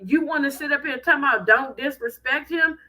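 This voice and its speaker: A woman hosting a live stream, giving blunt, animated commentary with speech. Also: sits high, brisk, poor audio. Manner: animated, blunt, preachy ranting.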